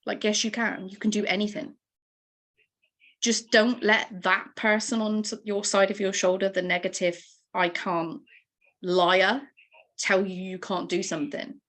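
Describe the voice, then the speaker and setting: A woman's voice: medium pitch, little pitch movement, moderate pace, fairly bright tone. Lady in her thirties, earnest pep talk to her team, emotional, video call. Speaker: team leader giving a motivational training.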